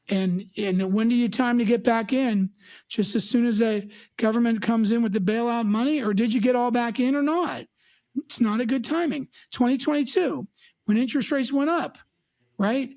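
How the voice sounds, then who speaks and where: A woman's voice: on the high side, normal speed, dry recording. A woman who works as a financial advisor, talking emphatically on an advice chat show and acting out her clients' voices. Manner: emphatic, lively, mimics clients.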